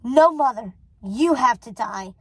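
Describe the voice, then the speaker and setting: A woman voicing a desperate young witch daughter who pleads and shouts urgently, reading a storybook aloud. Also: fairly high pitch, lively intonation, measured pace, husky, no room sound, full character voice.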